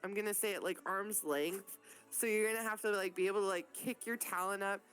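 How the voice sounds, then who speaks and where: A woman runs a tabletop game and narrates the action in a loose, profane, animated manner. Her voice sits in a middle pitch. Faint music plays underneath. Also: a little fast. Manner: casual, profane, animated storytelling. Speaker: game master.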